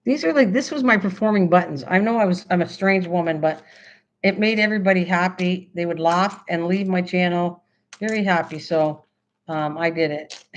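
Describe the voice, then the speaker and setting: A woman hosting a casual craft livestream, chatting excitedly and answering her chat as she goes. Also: fairly low pitch, normal speed. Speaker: livestream host. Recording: slightly dull lo-fi stream audio.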